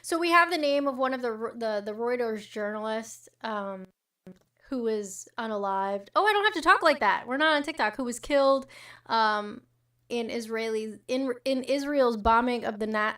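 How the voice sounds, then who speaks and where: A woman's voice: a little high, normal speed, fairly bright tone, recorded from a distance. A woman hosting a casual livestream, chatting with commenters and reading news with blunt, profane, sarcastic asides. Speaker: livestream host.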